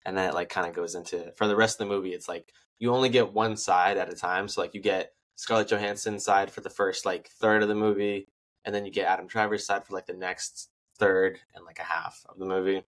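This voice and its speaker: Co-host, young adult male, low voice, easygoing and loose. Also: fairly even intonation, a little fast, fairly bright tone. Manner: laid-back, loose phrasing with "like" and "kinda". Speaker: podcast co-host. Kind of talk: casual movie review chat.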